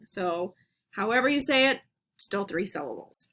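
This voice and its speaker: A woman teacher leading young children through a phonics lesson, speaking clearly and encouragingly and repeating each word, recorded on a computer at home. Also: mid-range voice, expressive, a bit bright, slight background noise. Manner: slow, clear, encouraging classroom delivery with repeated words.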